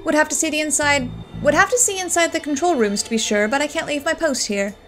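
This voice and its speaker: A woman's voice: high-pitched, quick pace, a bit bright, a little hiss or hum. A woman voicing a polite male ghost train conductor who speaks formally and keeps adding "sir". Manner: formal, ends lines with "sir".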